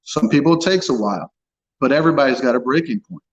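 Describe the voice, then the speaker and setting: Speaking fast and animated in a mid-range voice, a man gives a candid personal account as an interview guest, blunt and frank with plenty of swearing. The recording sounds muffled.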